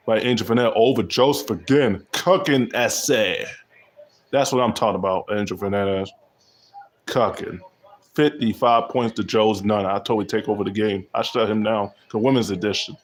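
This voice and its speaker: Low-voiced man hyping his own game play. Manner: hyped trash-talking commentary. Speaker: gamer streamer. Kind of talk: self play-by-play over a basketball video game.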